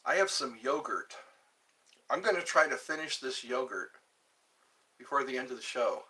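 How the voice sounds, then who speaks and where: A man's voice: mid-range voice, lively intonation, normal speed, sharp tone, a little hiss or hum. A man hosting a casual livestream, rambling, reading out viewer questions and answering them while eating yogurt. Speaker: livestream host.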